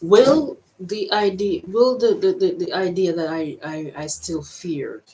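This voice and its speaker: A woman with a mixed American and Jamaican accent, talking to camera in a personal vlog, reflective and halting as she thinks aloud. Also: lowish voice, warm tone, rough recording. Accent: mix of American and Jamaican. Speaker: vlogger.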